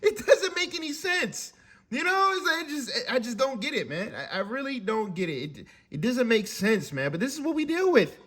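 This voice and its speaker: A man with a high voice delivers a casual, profane rant. He talks animatedly and stammers through restarts, repeating words as he builds up steam. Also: big pitch swings, normal speed, a bit bright. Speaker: commentator. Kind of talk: casual ranting monologue.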